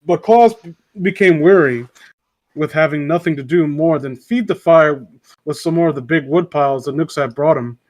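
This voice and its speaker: A man's voice: fairly high pitch, moderate pace. A man casually reading a classic story aloud, often stumbling and correcting himself.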